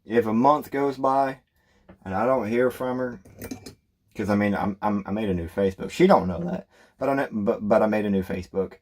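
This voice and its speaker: A man's voice: lowish voice, moderate pace, darkish tone. A man talking casually to his viewers in a vlog, rambling with many fillers and restarts. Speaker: YouTuber. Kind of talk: casual vlog talk to camera.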